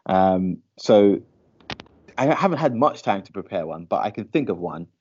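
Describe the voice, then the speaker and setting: A man's voice: low-pitched, very animated, moderate pace, a little mellow, dull audio. A man co-hosting a podcast in casual chat, laughing easily and talking with lots of fillers. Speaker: podcast co-host. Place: lives in Shanghai.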